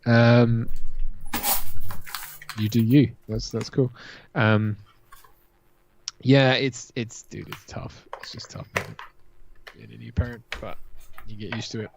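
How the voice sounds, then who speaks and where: A man's voice: mid-range voice, fairly even intonation, slow pace, gravelly, long pauses, noisy background. A man co-hosting a watch-party stream in casual, rambling chat, often restarting his sentences. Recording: dull lo-fi stream audio.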